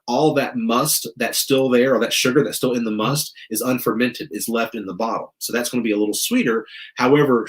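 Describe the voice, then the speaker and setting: A man's voice: medium pitch, a bit bright. A man from the American South hosting a casual wine show, explaining with rambling restarts and jokey asides.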